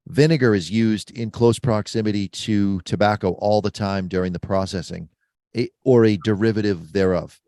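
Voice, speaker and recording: A man with a fairly low voice talks through practical tips with easy confidence on a casual podcast. The room is dead and dry, with the mic close. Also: normal speed, darkish tone, no room sound. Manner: confident, explanatory. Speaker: podcast host. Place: mobile studio.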